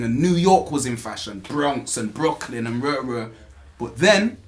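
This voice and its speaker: A man's voice: mid-range voice, expressive, unhurried, slight background noise. Young guy, grime mc in a casual interview, lots of slang, keeps saying you get me, repeats words starting out. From England.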